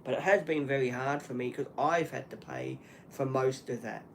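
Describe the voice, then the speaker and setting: A man hosting a solo livestream, talking earnestly and apologetically in halting speech with many restarts and fillers. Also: mid-range voice, a little hiss or hum. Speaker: channel host.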